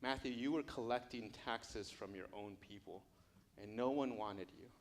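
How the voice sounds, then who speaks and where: A man's voice: fairly high pitch, animated, moderate pace, natural voice. A man voicing Jesus as an earnest teacher who questions his disciple in repeated, searching lines that swell into urgent appeals. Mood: tender.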